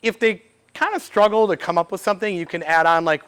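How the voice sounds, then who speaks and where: A man, giving a lively workshop talk to a live audience, acting out short bits of dialogue and asking the room questions. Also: high voice, a little fast, clear, resonant tone. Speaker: speaker at a business event. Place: event room before an audience.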